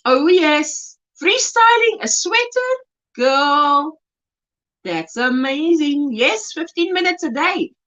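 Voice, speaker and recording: Animated high-voiced woman livestreaming. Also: takes it slowly. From South Africa. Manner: chatty and animated, gushing over yarn. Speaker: crochet livestream host. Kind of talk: casual livestream chat, reading viewer comments aloud. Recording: dull lo-fi livestream audio.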